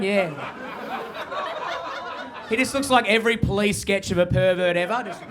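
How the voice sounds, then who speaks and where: A young man doing a high-energy stand-up comedy set, swearing freely and acting out the people in his stories. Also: normal speed, background noise. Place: comedy stage before a live audience.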